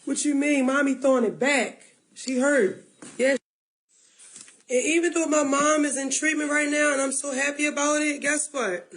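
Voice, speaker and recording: A woman rambles emotionally on a livestream and talks directly to the people watching. Her voice sits very high. Her delivery is loose and unscripted. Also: fairly even intonation, moderate pace, fairly bright tone. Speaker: livestreamer in a played clip.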